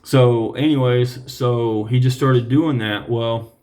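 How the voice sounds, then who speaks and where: A preacher telling his personal testimony in an earnest, reflective way, often pausing to clear his throat. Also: medium pitch, fairly even intonation, a little mellow.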